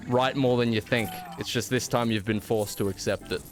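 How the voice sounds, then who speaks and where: An Australian man live-streams a game and jokes with his chat in a playful, mock-outraged way. His voice sits at an ordinary middle pitch. Faint music plays behind him. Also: fairly even intonation, normal speed. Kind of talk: casual live-stream chat while gaming.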